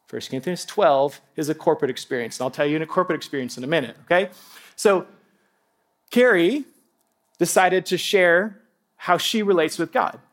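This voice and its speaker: A pastor preaching to a congregation in church, telling stories with lively asides and laughter and speaking straight to the people in front of him. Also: male voice, fairly high pitch, moderate pace. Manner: animated storytelling with asides and laughter. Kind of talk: sermon.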